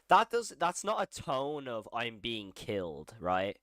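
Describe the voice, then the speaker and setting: A man's voice: medium pitch, wildly swooping pitch, a little slow, pushed and bright, no room sound, clean studio sound. A man hosting a casual live horror reaction stream, thinking aloud, rambling and repeating phrases as he goes. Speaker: horror channel host.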